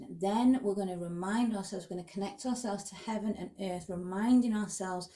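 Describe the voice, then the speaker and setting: A woman at home, softly guiding a meditation and movement practice at an unhurried pace, with quiet whispered asides. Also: mid-range voice. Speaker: spiritual teacher. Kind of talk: guided meditation and movement instruction.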